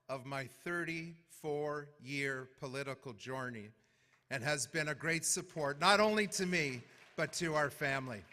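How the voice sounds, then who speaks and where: A middle-aged man, a mayor, giving a formal, measured inaugural speech full of heartfelt thanks. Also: on the high side, bright, forceful tone. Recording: long hall reverb.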